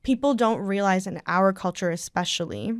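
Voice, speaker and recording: A woman's voice: mid-range voice, normal speed, no echo. A woman hosting a podcast in a studio, chatting casually and acting out the voices in her stories. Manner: animated storyteller, acts out quoted voices. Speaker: podcast host. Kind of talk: casual chat.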